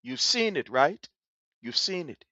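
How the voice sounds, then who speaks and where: A man delivers heated livestream commentary, pressing his points by saying them again. His pitch rises and falls widely as he talks. The sound is dry and close but dull, with the muffled top end of lo-fi stream audio. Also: sing-song, a little slow, creaky, pushed and bright, no echo. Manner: indignant, repeats phrases for emphasis. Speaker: livestream host.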